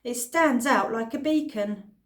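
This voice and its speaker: A woman voicing a scolding village baker woman in a storybook reading, brisk and loud, with a roomy echo. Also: on the high side, pitched above the performer's own voice.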